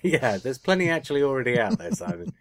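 A man's voice: on the high side, expressive, fast, creaky, crowd noise. A man co-hosting a podcast, chatting casually and often correcting himself mid-sentence. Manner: chatty, self-correcting, teasing. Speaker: podcast co-host. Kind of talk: casual chat.

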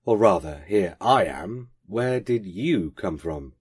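A man reading aloud, putting on an eccentric, posh male stranger who rattles off rapid, clipped questions and answers them himself. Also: low-pitched, animated, darkish tone, slightly rough, exaggerated voice. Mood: brisk.

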